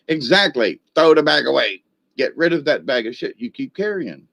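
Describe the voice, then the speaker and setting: A man's voice: medium pitch, sing-song, normal speed, vocal fry, a bit bright. A man giving a casual spiritual talk, telling stories in a rambling, folksy way with blunt, coarse language. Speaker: spiritual teacher. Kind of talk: casual spoken teaching.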